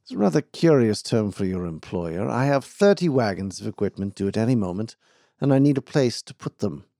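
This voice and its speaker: A man's voice: fairly low pitch, sing-song, fairly quick, creaky, dark tone, dry recording, clean studio sound. A man voicing an aristocratic male engineer who speaks formally, with command and disdain.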